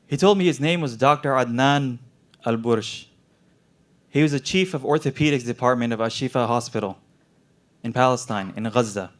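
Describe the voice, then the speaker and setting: A man's voice: mid-range voice, moderate pace. Young man performing earnest spoken word. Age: young adult. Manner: earnest, emotionally intense storytelling. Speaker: medical student performer.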